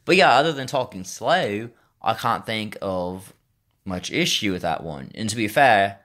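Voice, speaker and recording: Very deep-voiced man vlogging slowly. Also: animated, a bit bright. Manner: slow, pausing as he thinks. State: sore mouth. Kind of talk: casual unscripted vlog. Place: bedroom. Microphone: phone.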